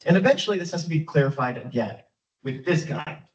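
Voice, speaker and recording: Male guest lecturer, lively and conversational, pitch swings a lot; recorded from afar in an echoey hall. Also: brisk. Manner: lively, conversational, frequent fillers. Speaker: guest speaker, history lecturer. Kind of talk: public history lecture. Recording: echoey, dull, from far off.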